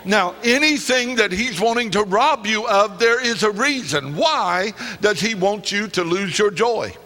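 A man's voice: high voice, animated, a little slow, sharp tone. A middle-aged man preaching a sermon, who now and then breaks into song. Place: church sanctuary. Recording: long hall reverb, faint music.

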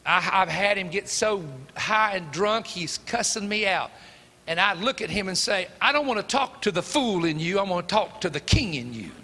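A man's voice: high-pitched, expressive, normal speed, bright, forceful tone, a little hiss or hum. A middle-aged man with a Tennessee Southern accent preaching, telling a folksy, emphatic story and acting out the dialogue. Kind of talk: storytelling sermon. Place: church sanctuary. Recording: long hall reverb.

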